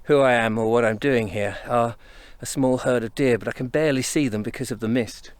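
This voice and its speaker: A man's voice: medium pitch, a little fast, dry recording. Slightly breathless man chatting on a walk. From England. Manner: chatty, rambling, thinks aloud while walking. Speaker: vlogger on a country walk. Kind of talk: casual walking commentary to camera. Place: misty countryside footpaths outdoors in winter. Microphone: camera on a tripod, set up and carried along.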